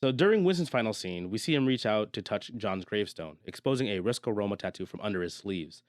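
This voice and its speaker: A man co-hosting a podcast, chatting casually through a movie recap, animated and laughing often. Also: fast talker, no echo. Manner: animated, laughs often, jumps higher when excited. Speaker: podcast co-host.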